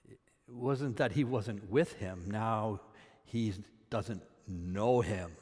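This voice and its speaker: A man from Canada preaching a sermon. He swings between loud, emphatic peaks and quiet asides. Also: fairly low pitch, takes it slowly, in a large hall. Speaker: pastor.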